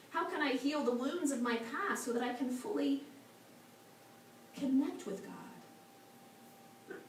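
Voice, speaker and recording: A woman minister giving a storytelling sermon in a church, soft and slow at times. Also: a little high. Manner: soft, slow and meditative at moments. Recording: echoey hall from a far mic, faint noise.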